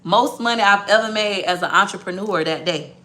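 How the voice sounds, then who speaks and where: A woman business owner telling a story to her viewers in a blunt, profane, animated way. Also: medium pitch, fairly quick.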